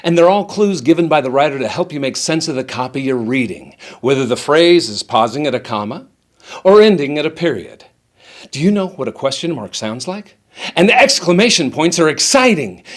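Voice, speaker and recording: Middle-aged guy acting coach reading a teleprompter tip, bouncy up-and-down voice, kinda high, playful. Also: moderate pace. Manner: lively, playful, emphatic delivery.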